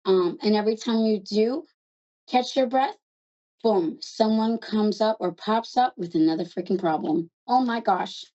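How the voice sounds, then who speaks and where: Chatty New York woman hosting a psychic call-in, mellow and a little muffled. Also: medium pitch. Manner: fast, chatty and affectionate, calls callers love. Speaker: psychic reader host.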